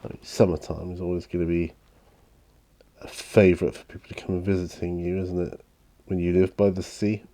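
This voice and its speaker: A middle-aged man chatting casually while painting miniatures, soft-spoken and rambling with many fillers. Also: sits low. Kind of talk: relaxed paint-along chat.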